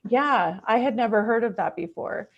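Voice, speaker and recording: Speaking animatedly at a normal pace, a middle-aged podcast guest recounts something personal with sincerity and feeling, frequently beginning sentences again and voicing quotes in a softer, higher tone. The recording sounds muffled.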